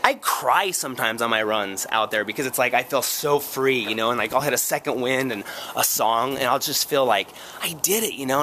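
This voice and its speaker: Man, vlogger, casual chat to camera, rambling, self-mocking, sore after a run, faint background noise. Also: medium pitch. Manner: rambling, excitable, self-mocking, lots of fillers.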